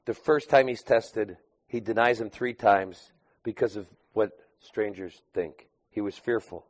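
A man preaching a sermon in a conversational way, rising to loud emphatic bursts and dropping to quiet asides. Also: lowish voice, unhurried. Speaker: pastor.

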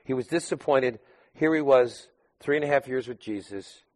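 A man preaching a sermon in a conversational way, rising to loud emphatic bursts and dropping to quiet asides. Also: mid-range voice, moderate pace. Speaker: pastor.

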